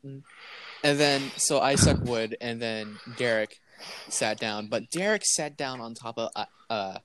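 A man's voice: medium pitch, unhurried, a bit bright. A young man, a podcast co-host, rambling through a funny story in casual chat, quoting his friends and often breaking into laughter. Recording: noisy home recording.

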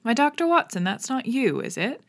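A woman voicing a fussy, nervous male naturalist who talks in an excited, fluttering way. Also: fairly high pitch, normal speed, pitched above the performer's own voice. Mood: startled.

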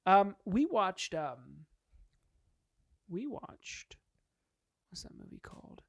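Easygoing young man, higher voice. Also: sing-song, gravelly, husky, no echo, clean studio sound. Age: 20s. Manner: easygoing, quick to laugh, blunt. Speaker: podcast co-host. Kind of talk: casual chat.

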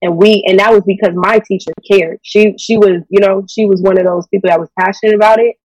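A woman speaks in a relaxed, opinionated way, often adding "you know" as she talks. Her mic sits a bit away from her, yet the sound stays dry. The talk is loose, casual conversation. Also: mid-range voice, fast, no echo, distant mic, muffled recording. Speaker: podcast co-host. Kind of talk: casual chat.

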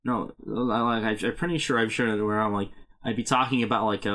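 A man co-hosting a podcast in casual chat, animated, with swearing and goofy mock threats. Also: fairly low pitch, fairly quick. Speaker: podcast co-host.

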